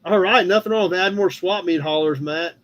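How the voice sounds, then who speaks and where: A Midwestern American man hosts a casual live-stream chat, his voice pitched high. He rambles easily through viewers' posts, sprinkling in fillers and thanking people by name. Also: fairly quick, fairly bright tone, lo-fi sound. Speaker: host of a live car-hobby chat show. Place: home room with a cat nearby.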